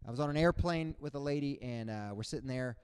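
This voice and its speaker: A man doing a stand-up comedy set on stage, animated and acting out other people's voices. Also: mid-range voice, fast talker, clean tone. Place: on stage before a live audience.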